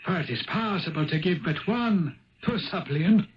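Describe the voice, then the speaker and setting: A solemn, ancient Viking spirit turned Irish speaks in a strikingly high voice with an Irish accent, laying out his riddles slowly and gravely. This is a 1970s radio play heard through a dull, lo-fi broadcast. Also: lively intonation, slight background noise. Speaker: Old Man of the Rock. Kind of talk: 1970s radio drama acting.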